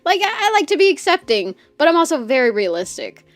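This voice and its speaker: A woman streamer chatting casually while she draws, loud and crude, rambling and laughing often. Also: high voice, very animated, fast, no room sound, soft background music.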